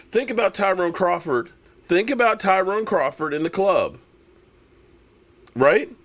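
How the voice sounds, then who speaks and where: A man hosting a live fan stream, ranting in an animated, sarcastic way with lots of repeated phrases. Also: fairly high pitch. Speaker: sports channel host.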